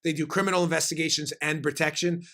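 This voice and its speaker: A man hosting a political show throws out emphatic, punchy lines. His voice sits high for a man. It has a bright, forceful edge. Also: fairly even intonation. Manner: emphatic, fast-shifting, punchy delivery. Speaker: host. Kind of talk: political talk show commentary.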